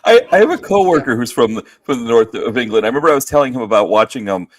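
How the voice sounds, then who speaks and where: A man's voice: mid-range voice, expressive, very fast, a little hiss or hum. A middle-aged man co-hosting a casual movie chat, rambling and agreeable, full of fillers. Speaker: co-host.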